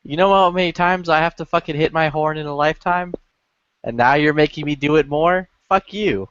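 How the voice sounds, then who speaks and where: A man's voice: fairly high pitch, fairly even intonation, brisk, fairly bright tone, clean tone, dry recording. A man in a casual, profane chat, bantering loosely with a co-host. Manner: laid-back, profane banter. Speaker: podcast co-host. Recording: dull dry home mic.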